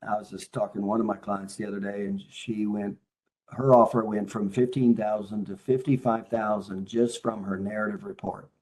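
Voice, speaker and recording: A man's voice: lowish voice, steady tone, moderate pace, darkish tone. Man hosting a coaching interview. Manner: leading questions, coaching tone. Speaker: chiropractic consultant and host. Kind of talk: casual interview.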